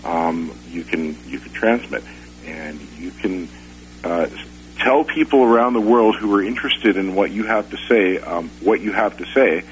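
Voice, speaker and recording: A man hosting a radio talk show, speaking in a halting way with many fillers and restarts. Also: low-pitched, slight background noise, rough recording. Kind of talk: casual talk-radio conversation.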